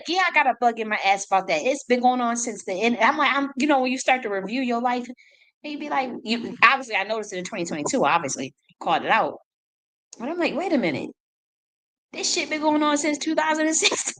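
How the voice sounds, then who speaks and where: A woman's voice: on the high side, fairly bright tone, poor audio. Profane ranting woman. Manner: blunt, profane, combative, rapid repetitions. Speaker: independent artist. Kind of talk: ranting monologue.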